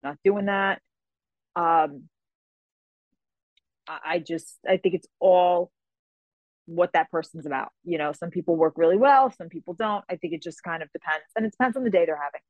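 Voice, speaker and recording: A woman's voice: lowish voice, moderate pace, pauses often, no room sound, narrow, tinny audio. A woman guest on a podcast, telling stories in casual chat and acting out what people said. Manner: animated storyteller, acts out quoted lines. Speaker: podcast guest, fantasy novelist.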